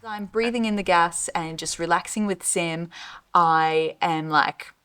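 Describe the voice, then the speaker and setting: A woman's voice: on the low side, measured pace, fairly bright tone, smooth. A young Australian woman recounting a personal experience in the present tense, in a reflective and vivid way. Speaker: vlogger co-host. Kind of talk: personal storytelling.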